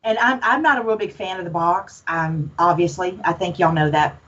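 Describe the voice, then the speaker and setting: A woman's voice: fairly low pitch, normal speed, a bit bright, dull audio, slight background noise. A woman from Alabama with a Southern accent, talking as a guest in a casual chat, outspoken and folksy. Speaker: podcast guest, paranormal investigator.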